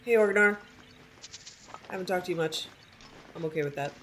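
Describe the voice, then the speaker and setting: Playful woman gamer, snarky running commentary, slightly low voice. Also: a little fast, fairly bright tone, slight background noise. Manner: snarky, playful, talking back to characters. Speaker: gamer streaming a playthrough. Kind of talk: casual gameplay commentary.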